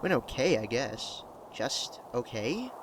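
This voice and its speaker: A man's voice: medium pitch, big pitch swings, slow, background noise. A man reading as a hesitant adult daughter. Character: anxious grown daughter on the phone.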